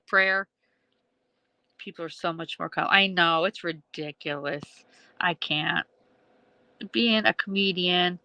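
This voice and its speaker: A woman's voice: fairly low pitch, creaky, sharp tone, dry recording, rough recording. A woman hosting a casual livestream, rambling between thoughts, laughing often and swearing freely. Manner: laughs often, swears, trails off mid-sentence. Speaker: livestream host.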